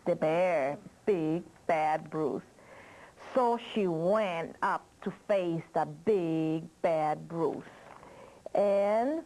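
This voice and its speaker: A woman with a mellow, somewhat low voice reads a children's story aloud on a low-quality recording. She goes slowly, stretching out her words and posing questions to the listener.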